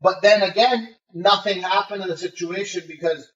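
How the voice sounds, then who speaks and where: Over a muffled, roomy, distant remote line, a high-pitched man talks at an ordinary pace. Appearing as a guest in a relaxed interview, he spins brash, profanity-heavy tales and does impressions of the people he encountered, staying animated throughout.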